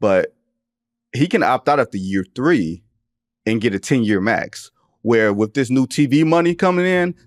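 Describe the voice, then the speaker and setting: A man hosting a sports podcast, talking in a casual, animated and joking way with lots of slang. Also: medium pitch, no room sound, clean studio sound. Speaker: podcast host, NBA reporter.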